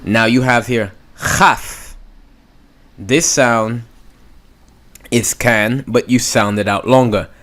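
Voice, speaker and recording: A man's voice: mid-range voice, a bit bright. A man teaching a beginners' language lesson, patiently sounding out words and repeating them. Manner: patient, drawn-out pronunciation demos. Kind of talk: slow spoken lesson.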